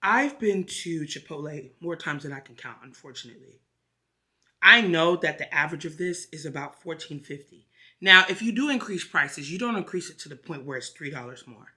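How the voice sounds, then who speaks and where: A woman vlogger telling a story in an animated, profane, emphatic rant. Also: sits low, normal speed. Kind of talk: casual ranting vlog.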